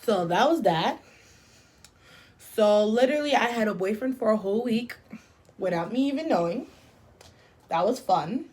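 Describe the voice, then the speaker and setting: A woman's voice: medium pitch, lively intonation, normal speed, pauses often, a little mellow, slight background noise. A young woman chatting casually through a storytime while doing her makeup, full of "like" and "literally". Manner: chatty, filler-heavy with frequent "like" and "literally". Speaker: beauty vlogger.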